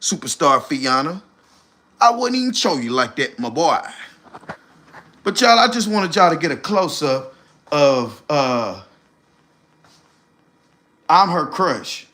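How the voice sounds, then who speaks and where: A man roasting people on his livestream, animated and loud at times. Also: on the high side, slow, long pauses. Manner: animated, shouting impressions. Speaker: streamer host.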